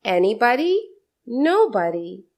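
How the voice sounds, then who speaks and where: A woman teaching a scripted grammar lesson, explaining slowly and deliberately, with many repeated example sentences. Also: a little high, big pitch swings, a little mellow.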